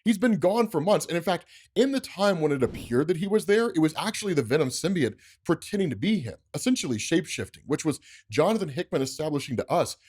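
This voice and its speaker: A man hosting a casual comic book recap, excited and enthusiastic, saying "like" often. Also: on the high side, fast, few pauses, husky. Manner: excited, enthusiastic, heavy on filler "like". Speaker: comic book explainer host.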